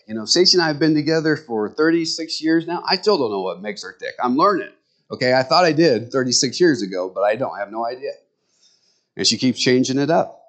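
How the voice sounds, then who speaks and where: Man preaching a casual, joking sermon. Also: mid-range voice. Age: middle-aged. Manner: conversational, joking asides to the congregation. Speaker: pastor.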